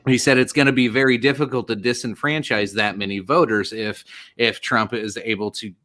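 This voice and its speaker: A man's voice: mid-range voice, steady tone, fairly quick, pushed and bright. A man co-hosting a casual political podcast, blunt and profane, laughing often. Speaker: podcast co-host.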